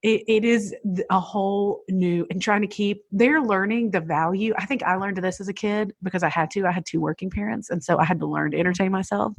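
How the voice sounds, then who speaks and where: A woman in her thirties, a podcast guest, chatting casually and telling lively stories about life at home. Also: mid-range voice, brisk, vocal fry, hardly any pauses, dry recording. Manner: lively, chatty storyteller who acts out what others said. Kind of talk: casual conversational storytelling.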